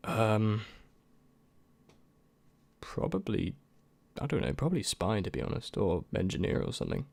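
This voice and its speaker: A man's voice: lowish voice, very animated, normal speed, vocal fry, darkish tone, dry recording. A young man and YouTube creator in casual chat, answering viewer questions in a rambling, hesitant way with many restarts.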